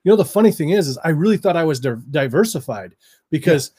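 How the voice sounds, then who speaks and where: A man's voice: a little high, animated, quick pace, darkish tone, slightly rough. A man who works as a hypnotist, talking casually as a guest, laughing often and circling back over his sentences. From United States. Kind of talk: casual chat.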